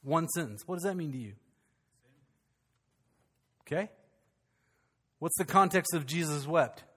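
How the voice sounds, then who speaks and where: Animated preacher man in a reverberant hall. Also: fairly high pitch, measured pace, breathy edge. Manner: animated, calls out to the congregation. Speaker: pastor. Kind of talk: sermon.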